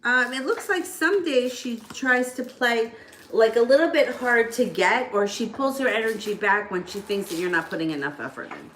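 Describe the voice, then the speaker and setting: A woman's voice: on the high side, expressive, moderate pace, a bit bright. A woman giving a casual live tarot reading, chatty and loose, with background noise. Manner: chatty, talks baby talk to a child between readings. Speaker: tarot reader. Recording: echoey room with background noise.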